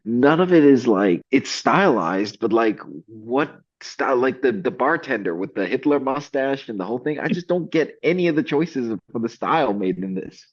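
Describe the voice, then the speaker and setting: A man co-hosts a casual movie review chat at a middling pitch. He speaks in an animated way, laughs often and acts out scenes as he retells them. The recording sounds a little muffled and lo-fi. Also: normal speed, few pauses. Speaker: co-host of a movie review show.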